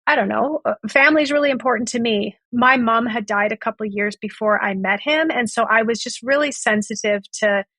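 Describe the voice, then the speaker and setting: A woman's voice: fairly high pitch, brisk, few pauses, bright, forceful tone, dry recording. A woman guest on a podcast, retelling a past relationship and acting out both sides of the conversations. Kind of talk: storytelling in a podcast interview.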